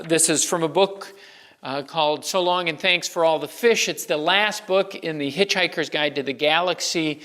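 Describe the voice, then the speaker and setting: A man speaks from the pulpit with a somewhat high-pitched voice, working through a sermon in a relaxed, conversational way, often circling back and restarting his phrases. His words ring out with the long reverb of a church sanctuary. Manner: conversational, with many restarts and fillers. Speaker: pastor.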